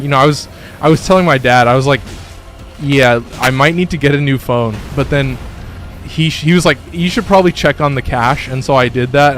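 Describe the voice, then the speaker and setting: A young man live-streams a game from his bedroom, talking casually to viewers between excited, profane outbursts at the enemies he fights. His voice sits at an ordinary middle pitch. A faint hiss runs under the phone recording. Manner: excitable, swears at enemies, chatty asides to viewers. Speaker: gaming streamer. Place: home bedroom.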